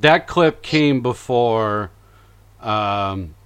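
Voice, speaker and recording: A man's voice: medium pitch, drawn-out words, clear, resonant tone. A man hosting a casual podcast chat, recapping events animatedly and acting out quotes. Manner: animated, acts out quotes in voices. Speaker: podcast host.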